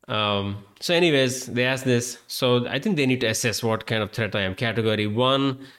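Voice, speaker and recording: A man's voice: mid-range voice, normal speed, fairly bright tone. A man from India with an Indian accent, hosting a podcast in a rambling, casual monologue full of filler words and swearing. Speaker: podcast host.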